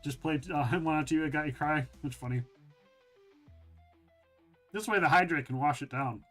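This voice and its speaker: Male game streamer, lively casual chat, higher register, jokey and rambling. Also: moderate pace, soft background music. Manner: joking, rambling, chuckles often.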